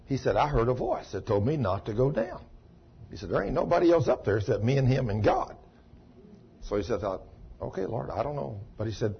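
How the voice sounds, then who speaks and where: Husky preacher, shouting and murmuring. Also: male voice, lively intonation, fast. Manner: swings from ecstatic shouts to low retelling. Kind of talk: sermon storytelling. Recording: dull lo-fi recording.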